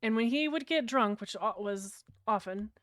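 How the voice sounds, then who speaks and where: A woman's voice: fairly high pitch, animated, normal speed, a bit bright, no echo, clean studio sound. A woman with a British accent, chatting casually and bluntly with her livestream viewers, rambling and swearing freely. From Britain. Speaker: streamer.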